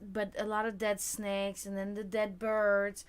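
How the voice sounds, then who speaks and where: A woman's voice: mid-range voice, a little slow, clear, resonant tone. A woman hosting a livestream, telling rambling, profane stories in casual chat. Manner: rambling, profane, animated storytelling. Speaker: livestream host.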